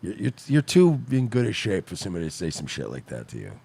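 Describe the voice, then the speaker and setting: A man's voice: deep voice, wildly swooping pitch, quick pace, creaky, a little mellow, husky. A man co-hosting a comedy podcast, mocking a clip with sarcastic jokes and frequent laughter. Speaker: podcast co-host.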